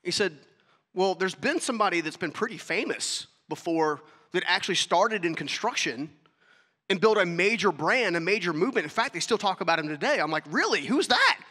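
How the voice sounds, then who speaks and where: High-voiced man giving a motivational talk. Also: expressive, fairly quick, bright, forceful tone, big-room sound. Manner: storytelling, acts out dialogue, asks audience questions. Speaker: speaker.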